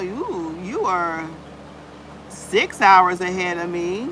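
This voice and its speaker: A woman's voice: on the low side, animated, slow, pushed and bright, a little hiss or hum, low-quality recording. A woman hosting a casual live chat on her channel, greeting viewers by name and peppering her talk with "y'all". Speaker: livestream host.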